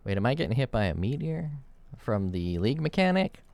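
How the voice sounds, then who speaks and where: A man's voice: mid-range voice, big pitch swings, fairly quick, creaky, darkish tone. A man giving casual gameplay commentary, thinking aloud as he plays and rambling into jokes with the odd curse. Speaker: gameplay video creator.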